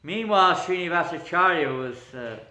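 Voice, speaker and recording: A man, a spiritual teacher, telling a story in an animated lecture, often chuckling. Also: on the high side, normal speed. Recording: echoey room.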